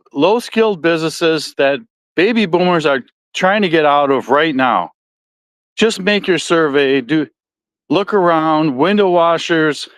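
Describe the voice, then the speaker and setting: Midwestern male podcast host, somewhat high voice, rambling and folksy, dry close recording. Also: smooth, no room sound. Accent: Midwestern American. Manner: rambling, self-correcting, folksy. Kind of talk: casual solo podcast talk.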